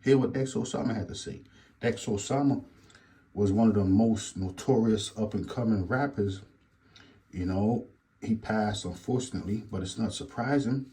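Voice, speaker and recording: A man's voice: lowish voice, moderate pace, dark tone. A man hosting a reaction commentary, repeating phrases and lecturing about street life. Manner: repetitive, preachy, says "believe it or not". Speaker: commentary host.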